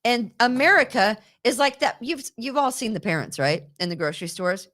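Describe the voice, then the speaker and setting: This fairly high-pitched woman is the host of an informal political talk show. Energetic and laughing easily, she often says words more than once while speaking.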